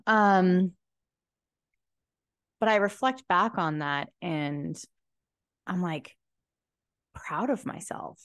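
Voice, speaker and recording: A young woman with a stuffy cold and low energy, talking to camera in a slow, reflective personal monologue with many fillers, seated indoors in a chair. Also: lively intonation, dry recording, studio quality. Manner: slow, slumped, soft-spoken musing with many fillers. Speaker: podcast host and tarot reader.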